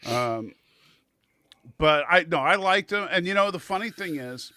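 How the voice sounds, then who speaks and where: Bright-voiced chatty man. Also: high voice, expressive, measured pace, no echo. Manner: chatty, enthusiastic, joking. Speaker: panelist. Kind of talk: casual panel chat.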